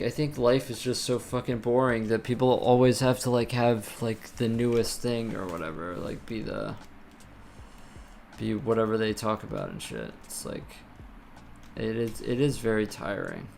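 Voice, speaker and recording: A man's voice: medium pitch, expressive, normal speed, creaky, darkish tone, slight background noise. A man live-streaming while programming, chatting casually and ranting with lots of swearing and filler words.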